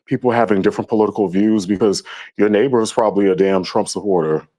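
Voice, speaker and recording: A man's voice: fairly low pitch, quick pace, mellow, lo-fi sound. A man calling in to a show, giving his opinions with frequent hesitations. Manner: hesitant, many ums. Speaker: caller. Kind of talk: casual phone-in opinion.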